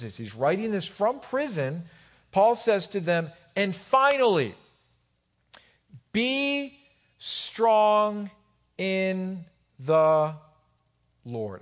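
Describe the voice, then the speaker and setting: A pastor preaching a sermon, swinging from loud emphatic exhortation to quiet asides to the congregation. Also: male voice, medium pitch, creaky.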